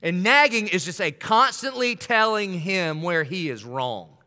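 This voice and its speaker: A man preaching a sermon as pastor, humorous and lively, acting out little dialogues. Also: high-pitched. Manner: humorous, acts out little dialogues in quick voices. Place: large church auditorium. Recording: long reverb of a large church hall.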